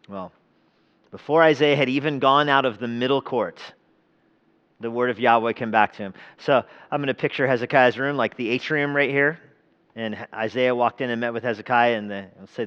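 Animated preacher man, lo-fi sound. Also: mid-range voice, clear, resonant tone. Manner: animated, conversational preaching with chuckles. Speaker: pastor. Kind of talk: sermon. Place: church.

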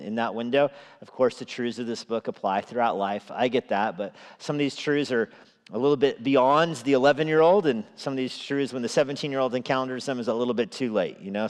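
A man preaching an evening sermon at an ordinary middle pitch. He talks through it conversationally, with asides and small chuckles. His voice carries a long reverb, as in a large church sanctuary. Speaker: pastor.

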